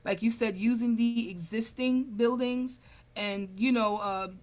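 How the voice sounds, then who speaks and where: On a video call, a woman campaigning for city council answers interview questions in a fairly high, unhurried voice. Her answers wander, full of fillers and restarts.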